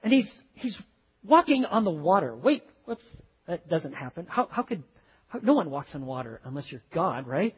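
A man preaching a sermon, telling a story with animated swings from loud exclaims to hushed, tender lines. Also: on the high side, normal speed, slightly rough, muffled recording. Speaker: pastor.

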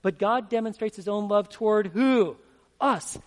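A man's voice: sits high, a little slow. A man preaching a sermon as pastor, emphatic and asking the congregation questions. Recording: long hall reverb.

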